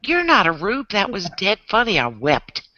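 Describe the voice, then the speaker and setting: A woman in a casual online group chat, teasing and laughing with drawn-out exclamations. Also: medium pitch, huge pitch swings, pushed and bright, no room sound, muffled recording. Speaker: chat show regular.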